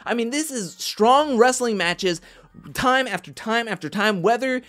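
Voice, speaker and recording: A man hosting a casual recap of a reality competition show, chatty and animated, often quoting others in mock voices. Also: very high-pitched, a little slow.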